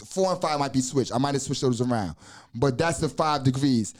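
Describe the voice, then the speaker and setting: A podcast host in his forties, an American man, talks briskly in a mid-range voice. His style is loose and profane, packed with asides and restarts, the way casual podcast talk tends to go.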